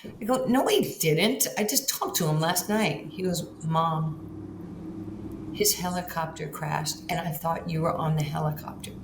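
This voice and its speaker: Animated older New woman, echoey room. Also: normal speed, gravelly. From Far Rockaway, Queens, New York. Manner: animated, acts out quoted dialogue with big jumps in pitch. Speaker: guest, basketball Hall of Famer. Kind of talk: storytelling in a podcast interview. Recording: echoey room with faint ambient noise.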